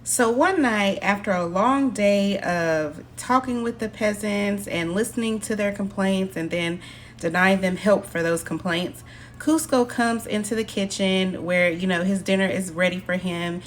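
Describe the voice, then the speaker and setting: A woman's voice: medium pitch, a little slow, a little hiss or hum. A woman casually retelling a film's plot in a chatty way, quoting the characters in her own voice. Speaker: film recap narrator.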